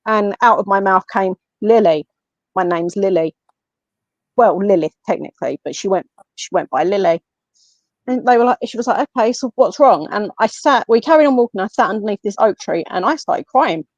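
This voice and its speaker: Talking a little fast, an English podcast guest, a medium and paranormal investigator, chats through a personal story at a middling pitch. She animatedly acts out what others said. The audio has no echo and is dry and slightly dull, resembling lo-fi call sound.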